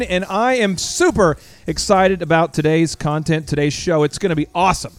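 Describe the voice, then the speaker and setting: High-voiced, enthusiastic radio host man. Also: soft background music. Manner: enthusiastic, joking, rapid back-and-forth. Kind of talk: energetic talk radio banter. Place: radio studio. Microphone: studio microphone.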